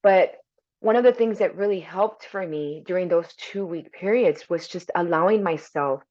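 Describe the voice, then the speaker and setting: Lowish woman guest on a podcast, open and reflective, says "you know" a lot, kinda dull lo-fi audio. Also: moderate pace, a little mellow. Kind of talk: candid conversational storytelling. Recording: dull lo-fi sound.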